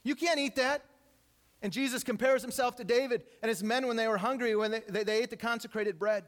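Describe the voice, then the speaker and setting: Guy pastor w a high voice, joking around while he runs thru bible stories in a sermon. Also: fast. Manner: lively storytelling, acts out quotes with humor.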